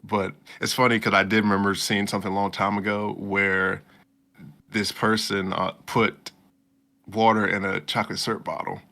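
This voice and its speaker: Gravelly low-voiced man recapping casually. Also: little pitch movement, sharp tone. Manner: loose storytelling with slang and quick mock voices. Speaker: podcast co-host. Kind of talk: casual anime recap chat.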